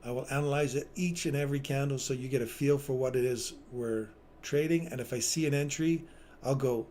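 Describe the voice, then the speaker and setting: A man's voice: mid-range voice, fairly even intonation, a little fast, a little mellow, echoey room, a little hiss or hum. A man in his fifties hosting a live trading stream, chatting in an upbeat way and reading viewer comments aloud. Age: 50s. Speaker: trading livestream host.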